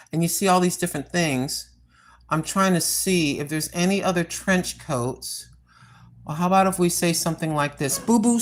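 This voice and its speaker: A woman's voice: medium pitch, fairly bright tone, low-quality recording. An older American woman chatting casually and rambling to her viewers at home. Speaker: vlogger. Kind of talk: casual chat.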